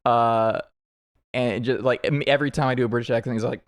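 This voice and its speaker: A man's voice: mid-range voice, steady tone, fairly quick. A man streaming a game, chatting casually and rambling with lots of restarts. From United States. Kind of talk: casual chat while playing a game.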